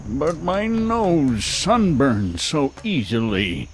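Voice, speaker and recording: A vain, whiny stone head. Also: male voice, medium pitch, very animated, drawn-out words, exaggerated voice. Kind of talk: video game voice acting.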